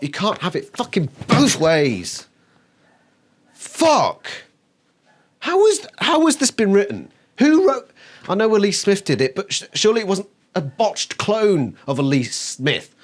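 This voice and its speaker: A man's voice: high voice, wildly swooping pitch, measured pace. A man reviewing a book on camera, exasperated and swearing constantly, mocking the characters by acting out their lines. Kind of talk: ranting video review.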